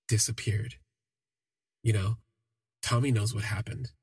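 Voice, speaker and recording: Gravelly, husky man telling his own story. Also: lowish voice, level tone, a little mellow, no room sound. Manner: halting, reflective, with restarts. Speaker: podcast storyteller. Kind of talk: personal storytelling.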